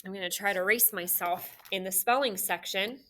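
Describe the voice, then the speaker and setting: A woman's voice: medium pitch, moderate pace, pushed and bright, slight background noise. A woman teacher giving a recorded phonics lesson to young children, patiently sounding out syllables and asking questions.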